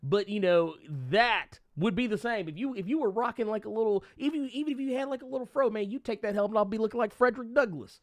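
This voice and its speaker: Casting: lively male podcast co-host, slightly high voice, dry close sound, joking, swears freely. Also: quick pace, few pauses, dry recording. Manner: animated, profane, joking, many restarts. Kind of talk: casual movie review chat.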